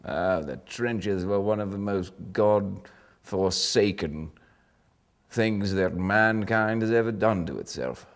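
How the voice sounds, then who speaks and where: A man's voice: on the low side, slow. A man playing a pompous old British sergeant. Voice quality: pompous, rambling, bluffing. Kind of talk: improvised mock interview.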